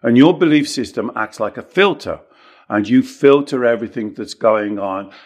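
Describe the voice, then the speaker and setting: A man's voice: medium pitch, moderate pace. Emphatic male coach explaining his method. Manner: emphatic, lively, acts out quoted clients. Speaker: coach explaining his self-inquiry technique. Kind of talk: conversational teaching on a podcast.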